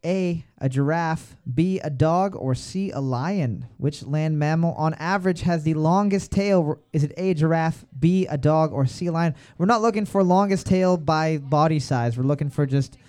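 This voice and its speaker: A man's voice: fairly high pitch, normal speed, few pauses, a little mellow. A man hosting a trivia night, reading each question twice and riffing with crude jokes between answers. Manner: reads questions twice, riffs with joking crude asides. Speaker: trivia quizmaster.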